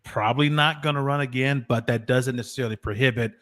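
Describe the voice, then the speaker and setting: A man's voice: mid-range voice, fairly even intonation, fast, a bit bright. A man on a livestream panel who talks wryly and hedges with frequent fillers. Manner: wry, hedging with fillers. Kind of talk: casual livestream panel chat.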